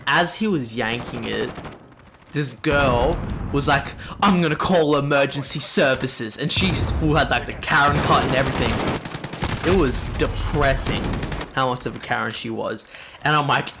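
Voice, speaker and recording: Sweary Aussie teen telling a story. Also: male voice, medium pitch, measured pace, creaky, background noise. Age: teens. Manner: animated, swearing, rambling. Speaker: gaming channel host. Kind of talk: casual storytime over gameplay. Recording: game gunfire in background.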